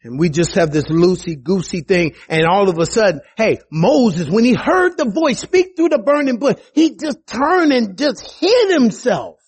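A man preaching a sermon in a conversational way, with asides to his listeners and a voice that climbs high for emphasis. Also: unhurried, hardly any pauses, slightly rough. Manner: animated, rises high for emphasis and quoted voices; conversational, with restarts and asides to the congregation.

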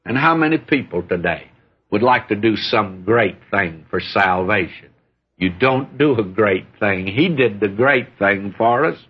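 A man preaching a sermon, telling stories in a folksy way with lively rises and falls in pitch. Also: measured pace, slightly rough. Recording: dull lo-fi recording.

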